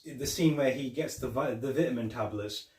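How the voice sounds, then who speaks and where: A man's voice: medium pitch, normal speed, a little mellow. A man co-hosting a podcast, casually chatting about his favourite scenes from a film. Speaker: podcast co-host. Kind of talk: casual film review chat. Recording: roomy, distant mic.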